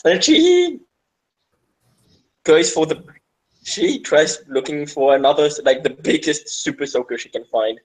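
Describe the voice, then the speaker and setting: A man's voice: fairly high pitch, huge pitch swings, rough recording. A man playing a tabletop game, describing his character's actions with many halts and restarts. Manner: halting, many likes and restarts. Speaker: player. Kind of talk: casual tabletop game talk.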